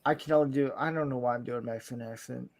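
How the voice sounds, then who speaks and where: A man chatting casually, jokey and quick to put on silly voices. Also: mid-range voice, fairly even intonation, gravelly. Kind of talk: casual chat.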